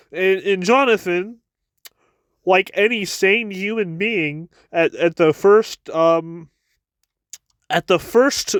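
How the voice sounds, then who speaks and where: A man's voice: high voice, a bit bright, clean tone, no room sound. A man giving a casual chapter review with wry asides, often stammering and repeating his words.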